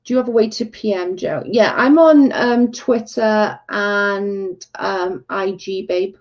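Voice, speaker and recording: A woman's voice: mid-range voice, takes it slowly. A woman hosting a casual livestream, ranting in exasperation and saying "like" a lot. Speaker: livestream host. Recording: dull lo-fi stream audio.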